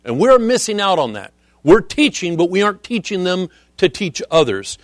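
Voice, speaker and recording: A middle-aged man preaching a sermon as a visiting missionary, earnest and measured, often quoting scripture. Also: high voice, sing-song, dry recording, studio quality.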